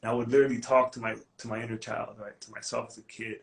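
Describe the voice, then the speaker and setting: A man's voice: mid-range voice, level tone, quick pace, vocal fry. A man who works as a coach, talking casually on a live stream, slangy and full of restarts. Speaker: life coach.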